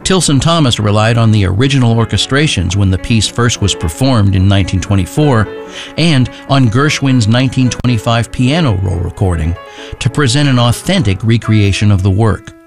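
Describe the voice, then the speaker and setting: A man with a low voice reads a scripted radio tribute in a measured, formal manner. Soft music plays quietly behind him. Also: lively intonation. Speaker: radio announcer. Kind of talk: scripted news narration.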